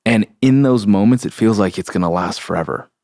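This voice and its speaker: A young man hosting a solo podcast, talking slowly and haltingly about grief, searching for words with many pauses and fillers. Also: lowish voice, darkish tone, no room sound, studio quality. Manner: sincere, open about grief. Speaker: podcast host. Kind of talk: reflective solo podcast talk.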